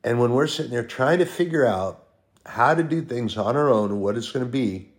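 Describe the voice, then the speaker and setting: A man preaching a sermon, stressing points with repeated lists and drawn-out words. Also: medium pitch, lively intonation.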